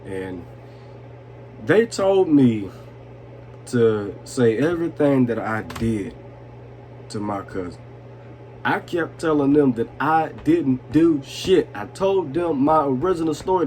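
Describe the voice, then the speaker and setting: Tipsy guy rambling through a story, lots of cussing and laughing, mid pitch, bit of hiss behind him. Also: darkish tone. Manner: loose, swearing, laughing, asks "you know what I'm saying". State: tipsy from vodka. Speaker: vlogger telling a story. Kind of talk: drunk storytime, casual and profane.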